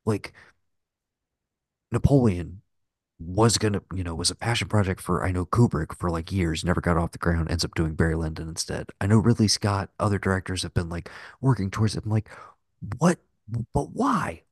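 Deep and steady in tone, this podcast co-host speaks fairly quickly in a casual film discussion. He rambles, curses, and uses the filler "like" a lot, recorded dry with studio quality.

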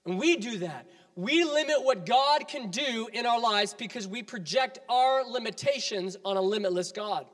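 A man's voice: very high-pitched, expressive, moderate pace, hardly any pauses, long reverb tail. A man preaching a sermon as pastor, emphatic and building with repeated appeals.

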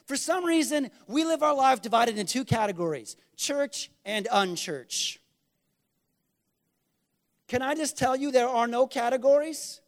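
A man's voice: very high-pitched, animated, measured pace. A man preaching a conversational sermon, acting out little quoted exchanges and asking the congregation to respond. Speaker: pastor.

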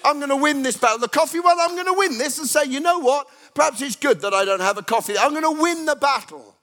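A man's voice: very high voice, fast talker. A man preaching a humorous sermon, acting out everyday characters as he tells stories to a congregation. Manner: animated storytelling, acts out everyday characters.

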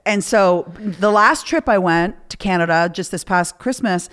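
A woman's voice: on the low side, unhurried, fairly bright tone, smooth. A woman guest on a podcast, telling candid stories in casual chat and acting out the people she quotes. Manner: candid storytelling with acted-out quotes.

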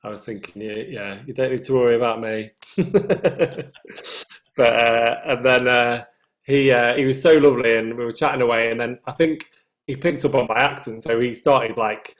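A man's voice: medium pitch, moderate pace. Chatty Northern English man telling anecdotes. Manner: chatty storyteller, laughs at his own anecdotes. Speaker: singer, interview guest. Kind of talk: casual anecdotal chat.

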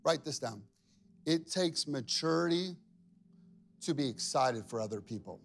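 A man's voice: medium pitch, animated, measured pace, creaky. A pastor preaching a sermon in a conversational way, acting out other people's voices as he tells stories. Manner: conversational, acts out quoted voices. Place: church.

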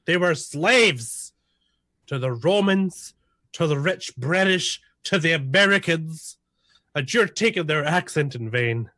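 A man's voice: fairly high pitch, expressive, takes it slowly, sharp tone, dry recording. A Scottish man in casual stream chat, wry and mock-lecturing. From Scotland.

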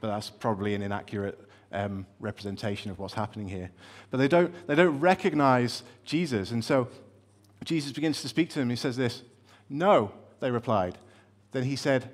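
A man's voice: medium pitch, moderate pace. A man preaching a sermon in a conversational, storytelling way, with light humor and frequent fillers and restarts.

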